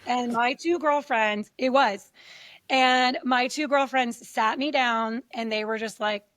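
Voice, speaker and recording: Woman, middle-aged, podcast guest, candid storytelling, fairly high voice, dry close sound. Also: slow pace, no room sound. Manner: animated, acts out quoted voices.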